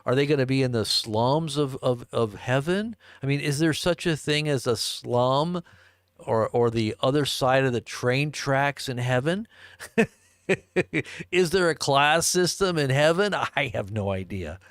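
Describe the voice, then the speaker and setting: A man's voice: medium pitch, lively intonation, a little slow, no room sound, studio quality. A man hosting a live stream, rambling in a casual, joking way and chuckling as he answers chat. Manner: rambling, chuckling, jokey asides.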